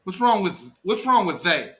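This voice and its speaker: A man's voice: high-pitched, big pitch swings, moderate pace, fairly bright tone. A man hosting a livestream, reacting to a clip with an emphatic, indignant rant full of slang. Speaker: commentary show host.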